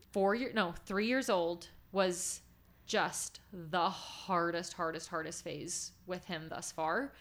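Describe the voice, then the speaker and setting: Animated woman telling stories with laughs. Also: medium pitch. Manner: animated storytelling, acting out quotes with lots of laughter. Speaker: podcast co-host. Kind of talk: casual chat.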